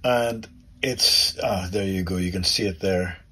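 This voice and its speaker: A man's voice: low-pitched, unhurried, sharp tone, husky, poor audio. A middle-aged man working as a luthier, chatting through each step of a guitar setup in his workshop. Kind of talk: workshop demonstration to camera.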